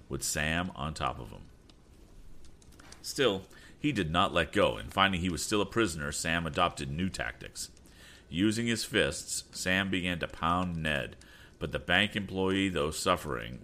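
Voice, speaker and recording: A man reading a storybook aloud, animated and sometimes stumbling over words. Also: low voice. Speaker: audiobook reader. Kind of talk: storybook narration.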